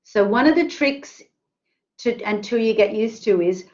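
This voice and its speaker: A woman's voice: mid-range voice, animated, unhurried, a little mellow, muffled recording. A woman presenting an online careers workshop, chatty and full of fillers, asking the audience questions. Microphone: video call.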